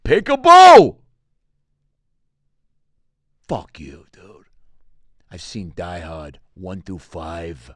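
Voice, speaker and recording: Bit role: a world-weary toddler , as a man puts him on, gruff and dismissive, dry room. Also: low-pitched, takes it slowly, a little mellow, no room sound, voice pushed down, heavily acted. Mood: scornful. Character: jaded two-year-old boy, judgmental, world-weary.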